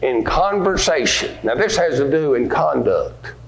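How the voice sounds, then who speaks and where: A man's voice: on the high side, expressive, a little slow, gravelly, a little hiss or hum. A man teaching a Bible lesson to children, asking them questions and acting out scripture scenes. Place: church hall. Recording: echoey room with faint ambience.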